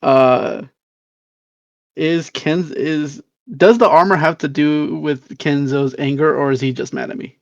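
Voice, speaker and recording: Halting, cursing player with higher voice. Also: male voice, fairly even intonation, creaky, no room sound, muffled recording. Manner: halting, restarts, swears casually. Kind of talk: casual tabletop game chat.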